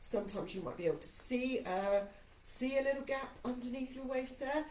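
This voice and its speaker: Her voice high-pitched, brisk and a little mellow, a fitness instructor does the ab workout herself while calling encouraging cues timed to her breathing. Exertion leaves her slightly breathless and shaky. The poor audio is roomy and distant, with some hiss or hum.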